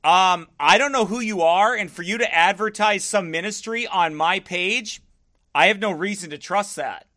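Firm, bright-voiced man preaching. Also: high-pitched, moderate pace. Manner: firm, defensive, repeats himself. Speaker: pastor. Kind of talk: livestream preaching and answering comments.

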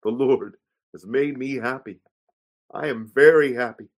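A man voicing a dying woman, slow and pleading. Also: medium pitch, natural voice. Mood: peaceful. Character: dying young woman, penitent, then peaceful.

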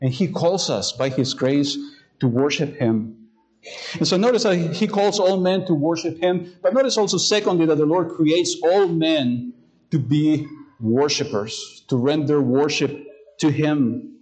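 Man preaching a sermon, somewhat high voice. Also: darkish tone, low-quality recording. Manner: hesitant, many fillers in the anecdote, slowing to read scripture. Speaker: pastor.

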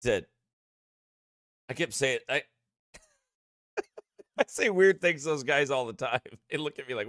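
A man's voice: mid-range voice, expressive, unhurried, pauses often, a bit bright, no room sound, clean studio sound. A man, a pastor, chatting casually on a livestream, laughing often and in a goofy mood, his voice slightly strained.

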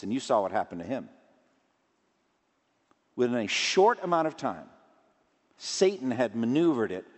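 A man preaching a sermon in an earnest way, his voice rising in pitch and force when he stresses a point. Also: long reverb tail.

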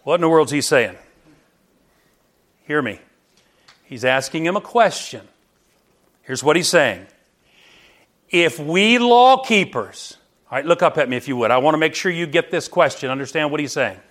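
A man's voice: a little high, moderate pace, pauses often, a bit bright. A middle-aged man preaching a sermon as pastor, emphatic and firing rhetorical questions at his congregation.

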